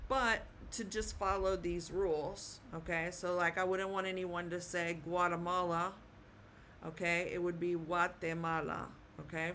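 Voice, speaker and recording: A woman teaching Spanish pronunciation in a slow, patient classroom manner, repeating words and checking in with "okay?". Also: on the low side, fairly bright tone, slight background noise.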